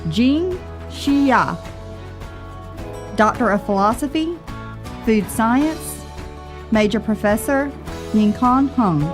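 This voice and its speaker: A woman announcer reads out graduates' names and degrees at an unhurried, deliberate pace. Her delivery is formal and measured, with faint music playing beneath her voice. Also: fairly high pitch, animated. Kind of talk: formal name reading.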